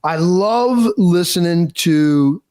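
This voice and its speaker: Halting, higher-voiced man chatting. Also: lively intonation, darkish tone, clean tone. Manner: halting, repeats words, lots of fillers. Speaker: podcast co-host. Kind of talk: casual chat.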